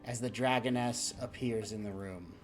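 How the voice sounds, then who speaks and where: A man's voice: mid-range voice, normal speed, soft background music. Casual man narrating a tabletop game. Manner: casual, with fillers and restarts. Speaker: game master.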